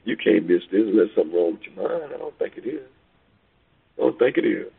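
Gravelly preacher man on a phone line. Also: deep voice, animated, a little fast. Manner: emphatic, swings between loud peaks and quiet asides. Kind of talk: sermon over a phone call.

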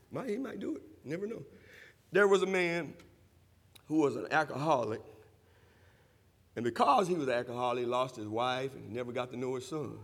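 A man preaching a sermon, using call-and-response and rising to shouts, in a church sanctuary. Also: mid-range voice. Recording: long hall reverb.

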